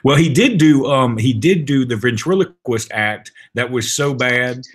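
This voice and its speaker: A man co-hosts a casual podcast chat, rambling and laughing as he tells stories. His voice is mid-range and unhurried, and his manner is animated.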